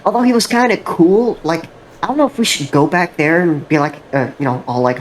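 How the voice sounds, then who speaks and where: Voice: medium pitch, a little fast, slight background noise, low-quality recording. A player in a casual tabletop game who talks in a rambling way, full of fillers and restarts.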